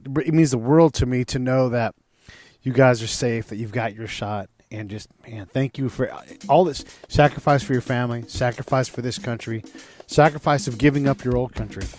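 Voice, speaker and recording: A man's voice: medium pitch, normal speed, no room sound. Give me... no: A male host leads a casual interview, speaking openly and with heart. His voice sits in a mid register and sounds dry and close. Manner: warm-hearted, openly emotional. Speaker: podcast host.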